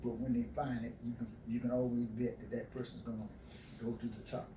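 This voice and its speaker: A man interviewing guests, halting and repeating words while encouraging them. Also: medium pitch, little pitch movement. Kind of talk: community talk show interview. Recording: roomy, distant, noisy.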